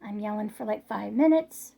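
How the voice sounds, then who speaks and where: A middle-aged woman vlogging about her neighbors, her voice a little hoarse, rambling along with lots of filler words. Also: medium pitch, moderate pace, mellow. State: slightly hoarse from yelling. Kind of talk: casual storytelling vlog.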